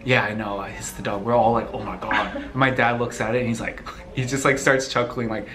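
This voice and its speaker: A young man from the United States answering viewer questions in a relaxed, rambling way, laughing easily. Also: mid-range voice, fairly quick, a crowd in the background. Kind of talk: casual Q&A chat.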